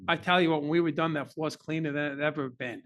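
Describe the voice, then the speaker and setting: A man's voice: a little high, steady tone, quick pace, fairly bright tone. A middle-aged man, a podcast guest, earnestly telling an emotional personal story in a candid interview.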